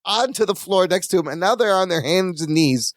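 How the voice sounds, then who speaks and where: A man co-hosting a podcast, chatting casually about a sitcom, laughing often and quoting lines with big pitch jumps. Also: lively intonation, brisk, no room sound, clean studio sound. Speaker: podcast co-host. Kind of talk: casual chat recapping a sitcom episode.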